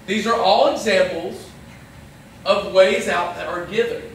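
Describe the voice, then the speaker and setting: Man preacher, high voice, chatty youth sermon that slips into quoted asides, boomy hall sound from a distant mic. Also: measured pace, fairly bright tone, slight background noise. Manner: conversational, acts out little quoted lines. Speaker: pastor. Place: church hall.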